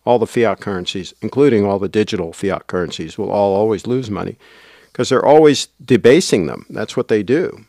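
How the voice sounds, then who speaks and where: A man's voice: fairly low pitch, animated, brisk, creaky, darkish tone, no room sound, clean studio sound. A man hosting a casual livestream, rambling and reading out viewer comments. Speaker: livestream host.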